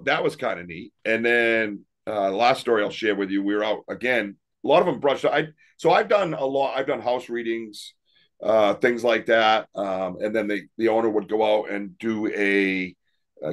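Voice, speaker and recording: A man with a lowish voice tells his paranormal stories in a loose, rambling way. He laughs often and restarts his sentences as he goes. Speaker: paranormal investigator and podcast guest. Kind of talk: casual interview storytelling.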